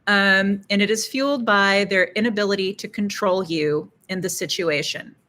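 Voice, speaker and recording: A woman's voice: medium pitch, normal speed, pushed and bright. A middle-aged woman, a psychologist hosting an educational talk, explaining with dry, sardonic asides. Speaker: psychologist and channel host.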